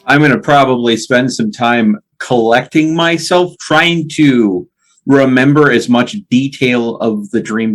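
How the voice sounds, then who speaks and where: A man playing a tabletop game, thinking aloud in a contemplative, measured way as he describes his character. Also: medium pitch.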